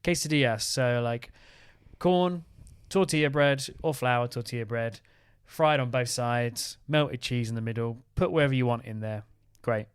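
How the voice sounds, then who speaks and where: A man's voice: medium pitch, clean tone, dry recording, studio quality. A man co-hosting a travel vlog, running through a list in an upbeat, jokey manner. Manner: upbeat, jokey, quick list-style rundowns. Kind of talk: casual chat.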